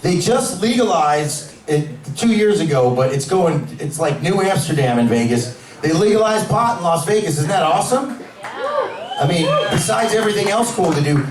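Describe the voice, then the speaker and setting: A man performing a stand-up comedy set in a club, brash, profane and energetic. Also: high voice, moderate pace. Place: cannabis club stage. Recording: echoey club from far off, crowd.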